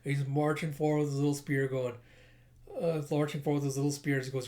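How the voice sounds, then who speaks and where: A man's voice: mid-range voice, little pitch movement, a little fast, mellow. A man casually reading a comic aloud and commenting, swearing a lot and adding mouth sound effects. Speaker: comic reader and reviewer. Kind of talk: casual comic book readthrough.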